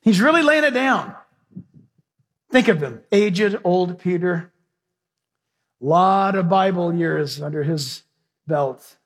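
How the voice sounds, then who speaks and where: A man preaching a sermon as pastor, animated and folksy, acting out scenes for the congregation. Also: sits high, takes it slowly, pauses often. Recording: hall reverb.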